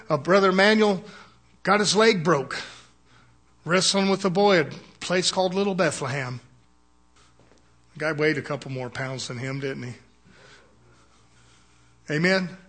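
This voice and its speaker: An older male preacher with a notably high-pitched voice delivers a sermon. His talk is folksy and loose, broken by chuckles and frequent calls for an "Amen." He speaks as a plain-spoken pastor addressing his congregation. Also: fairly bright tone.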